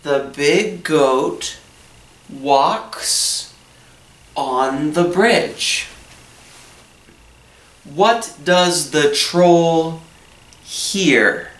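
A man's voice: on the high side, extremely slow, long pauses, a bit bright. A man teaching an English lesson, asking simple questions about a story and then answering each one in plain words. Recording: echoey room, voice from a distance.

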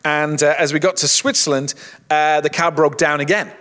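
Male pastor, middle-aged, slightly high voice, chatty sermon delivery full of restarts, long reverb. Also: fairly even intonation, normal speed, a bit bright. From England. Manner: conversational, many restarts and "you know".

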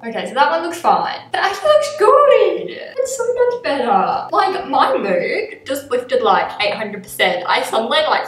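Nervous young woman rambling in an echoey bathroom. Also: a little high. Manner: nervous, rambling, self-mocking. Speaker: vlogger. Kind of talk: casual talk to camera. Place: home bathroom. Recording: echoey bathroom, mic at a distance.

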